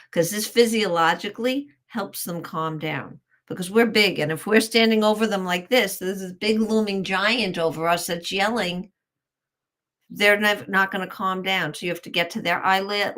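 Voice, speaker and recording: A woman at a middle pitch giving parenting advice as an interview guest. She talks in an animated way and slips into little acted lines of what a parent would say.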